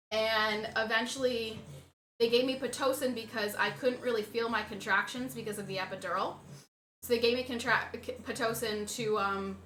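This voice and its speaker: List: woman, young adult, animated storytelling, crisp bright tone, faint background noise. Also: fairly high pitch. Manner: animated, lively retelling. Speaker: streamer's partner, co-host. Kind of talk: casual storytelling chat. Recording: roomy echo.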